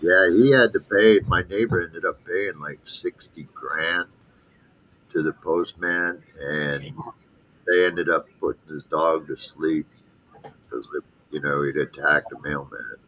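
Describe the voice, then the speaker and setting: A man's voice: a bass voice, steady tone, slow, fairly bright tone, lo-fi sound. A middle-aged man, chatting casually and saying dude and you know a lot. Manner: laid-back, peppers speech with dude and you know. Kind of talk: casual chat.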